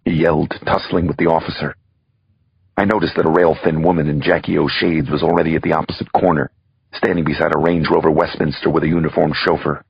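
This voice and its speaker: Man, audiobook thriller narrator, raspy and low, dull lo-fi recording. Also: level tone, quick pace, no room sound. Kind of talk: first-person thriller narration.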